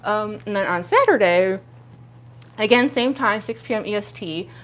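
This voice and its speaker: A young woman chatting casually on a livestream, giggling often and full of fillers, her voice jumping up when she gets excited, while she speaks around costume fake teeth. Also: normal speed. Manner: excitable, pitch jumping up on exclamations.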